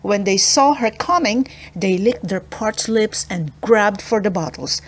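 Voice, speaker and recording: A woman reading a children's chapter book aloud, clear and expressive. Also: mid-range voice, unhurried. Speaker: storybook reader.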